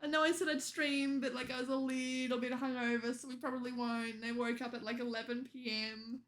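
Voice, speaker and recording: A woman's voice: sits high, little pitch movement, brisk, a bit bright. Chatty teasing woman streamer. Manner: chatty and teasing, laughs often. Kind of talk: casual late-night chat with viewers.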